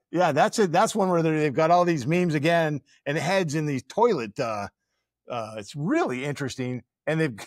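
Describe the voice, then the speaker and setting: A man's voice: on the high side, no room sound, clean studio sound. Rambling man hosting a podcast. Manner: rambling, many filler words and restarts. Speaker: podcast host. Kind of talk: casual podcast chat. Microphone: studio microphone.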